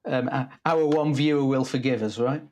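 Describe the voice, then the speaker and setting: A middle-aged man co-hosting a casual business chat from an office, halting and repeating words, with a dry sense of humor. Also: mid-range voice, fairly even intonation, darkish tone. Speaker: co-host, business trainer. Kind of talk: casual live-stream chat.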